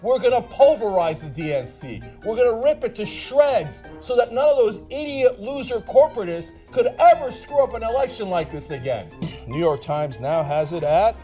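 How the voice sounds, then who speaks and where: A male host of a political commentary show who rants and swears. His voice swings widely in pitch and climbs into shouts. He speaks in an American accent, with faint music underneath. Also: big pitch swings, moderate pace. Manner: ranting, sarcastic, swearing and shouting.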